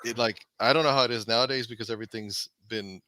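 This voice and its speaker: A man's voice: mid-range voice, pushed and bright, no echo. A man chatting on a live show about running a comic shop, rambling with many restarts. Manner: rambling, halting, lots of restarts and fillers. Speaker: former comic shop owner, co-host. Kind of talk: casual live-stream chat.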